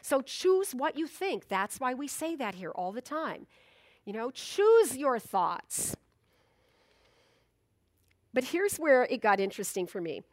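High-voiced woman minister preaching conversationally. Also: very animated, takes it slowly, long pauses, dry recording, studio quality. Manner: conversational, storytelling with acted-out asides. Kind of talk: sermon.

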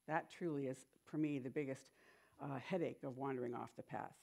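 A woman giving a sermon in a chatty, animated storytelling manner, with frequent asides. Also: a bass voice, moderate pace, gravelly.

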